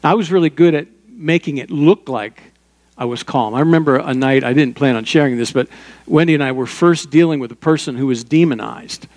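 A man's voice: on the high side, fairly quick, a little mellow, in a large hall. An older man preaching a sermon as pastor, in a conversational way with personal stories and small asides.

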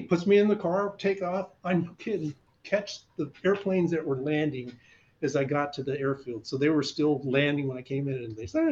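A man in his sixties telling an animated, chuckling story as an interview guest. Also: on the high side, normal speed. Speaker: guest, veteran fighter pilot. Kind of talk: casual storytelling. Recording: slightly dull recording, faint hiss.

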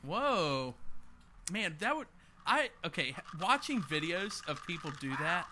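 Teasing young man with a bright voice. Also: sits high, very animated. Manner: teasing, quick banter, chuckles a lot. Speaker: podcast co-host. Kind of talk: casual podcast chat.

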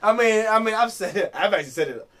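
A man's voice: high-pitched, animated, quick pace, a bit bright. A young man co-hosting a podcast in casual chat, jokey and profane, laughing often as he reads a news story aloud. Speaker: podcast co-host.

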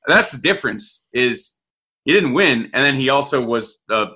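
Male co-host, bright forceful tone, blunt and profane, casual rant. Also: medium pitch, animated, moderate pace. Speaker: podcast co-host. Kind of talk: casual sports podcast chat.

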